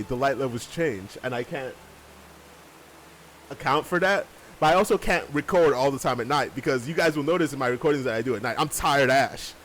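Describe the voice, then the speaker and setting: A man's voice: mid-range voice, rough recording. A man hosting a let's play from a room at home, chatting casually, rambling, swearing and laughing often. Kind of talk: casual gaming commentary. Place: home room with large windows.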